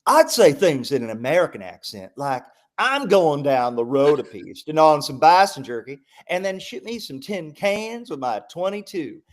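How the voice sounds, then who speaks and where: A man's voice: medium pitch, huge pitch swings, fairly quick, few pauses, voice pushed up. A man voicing a young British woman who puts on a folksy American drawl, played in an exaggerated, playful way.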